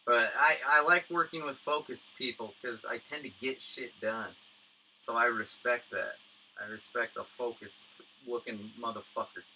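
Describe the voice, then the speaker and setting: A man's voice: medium pitch, fairly even intonation, normal speed, bright, forceful tone, rough recording. Man, casual livestream chat, rambling, profane, studio condenser mic, faint background noise. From Tucson, Arizona, USA. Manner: profane, rambling, lots of fillers and restarts. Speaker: livestream host. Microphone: studio condenser microphone.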